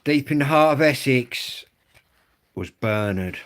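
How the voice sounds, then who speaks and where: A man's voice: medium pitch, lively intonation, slow. A middle-aged man with a Kent accent, chatting casually and rambling with viewers on a livestream, swearing and dropping blokey slang. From England. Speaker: livestream host.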